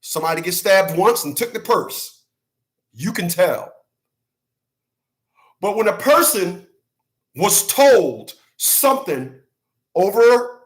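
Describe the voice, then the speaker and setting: A man's voice: sits high, very animated, unhurried, pauses often, fairly bright tone. A man hosting his own channel, talking casually and profanely, hammering points by repeating himself and laughing between rants. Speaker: channel host. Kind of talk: casual livestream rant.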